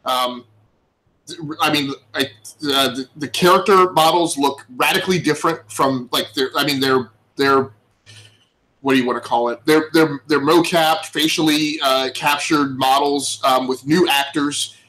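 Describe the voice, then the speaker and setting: A male podcast co-host talking about games with plain excitement. His voice sits a little high, and he stumbles and restarts as he gushes. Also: normal speed, poor audio. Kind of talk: casual chat.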